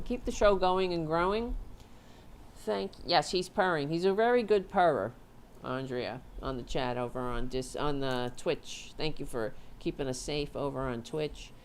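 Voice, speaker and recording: A woman's voice: deep voice, slight background noise. A woman hosting a casual livestream, rambling and swearing as she chats and talks to her cat. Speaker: host.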